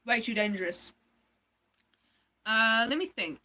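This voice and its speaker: A young woman chats loosely to her livestream viewers, pausing and filling gaps with "uh" and "like" as she thinks aloud. Her voice sits a little high and sounds bright and forward. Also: animated. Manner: rambling, filler-heavy, thinking aloud. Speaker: livestream host. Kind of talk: casual livestream chat.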